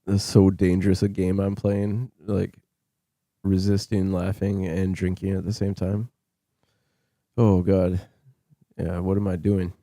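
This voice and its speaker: Man scambait streamer, amused, low and very dark tone, slow. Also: little pitch movement, no room sound, clean studio sound. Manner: amused, chuckling to himself. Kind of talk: casual live-stream aside.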